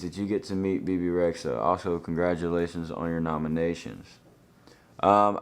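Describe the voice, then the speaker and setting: A young man, reading out fan questions and answering them in an easygoing, laid-back way. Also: very deep voice.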